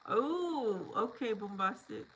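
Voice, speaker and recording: A woman's voice: on the high side, lively intonation, takes it slowly, fairly bright tone, low-quality recording. A woman hosting a casual livestream, reading viewer comments aloud and greeting people by name, often breaking into laughter. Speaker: livestream host.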